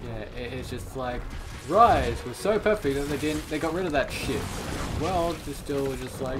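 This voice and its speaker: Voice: medium pitch, moderate pace, background noise. A gamer in a co-op let's play, chatting casually in a rambling, self-mocking way that trails off. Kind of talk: casual gaming chat.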